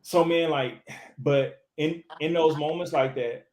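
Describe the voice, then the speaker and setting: A man, an actor, talking casually in an interview, animated and full of restarts and fillers. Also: on the high side, measured pace, roomy sound, a little hiss or hum, low-quality recording. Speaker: actor, podcast guest.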